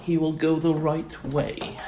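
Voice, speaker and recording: A man's voice: a little high, monotone, slow pace, noisy background. Nervous young man on a phone. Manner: nervous, swears casually, coaxes softly. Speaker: vlogger. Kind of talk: phone video narration. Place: house indoors.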